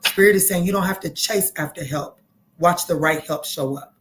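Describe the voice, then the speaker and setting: A slightly low-voiced woman reads tarot cards live for her viewers. She talks in a loose, casual way, gets worked up, swears freely and says the same phrase over and over for emphasis. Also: moderate pace, fairly bright tone. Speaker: tarot reader hosting a live stream.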